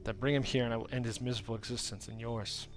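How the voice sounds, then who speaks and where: A man's voice: mid-range voice, fairly even intonation, quick pace, faint music behind, close to an everyday voice. A man voicing a bitter, hostile female tree spirit who speaks scornfully and makes threats.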